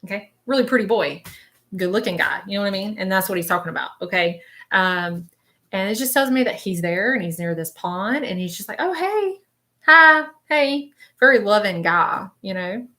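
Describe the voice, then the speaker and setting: On a live stream, a spiritual medium describes what she sees in the present tense, rambling and hesitant as she searches, with frequent "okay?" tags to listeners. Her mid-range voice is brisk and a bit bright.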